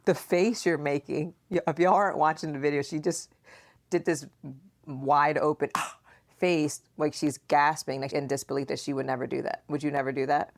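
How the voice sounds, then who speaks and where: Her voice sits low and her pace is moderate: she's a mother in her forties hosting a casual podcast chat with her daughter. She's animated and playfully teasing, often acting out the quotes she shares.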